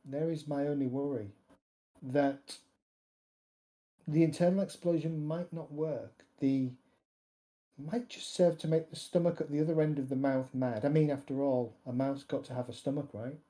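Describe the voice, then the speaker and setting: A man voicing a calm, matter-of-fact man who plans to blow up a monster, speaking flatly and without emotion. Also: mid-range voice, lightly acted, rough recording. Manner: flat, unemotional, deliberate.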